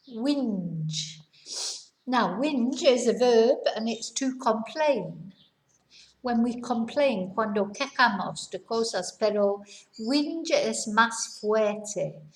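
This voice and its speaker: A woman leads a vocabulary lesson at an unhurried pace. Her voice sits a touch high and she explains each term patiently with examples. The recording has a noticeable roomy echo. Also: animated. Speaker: English teacher.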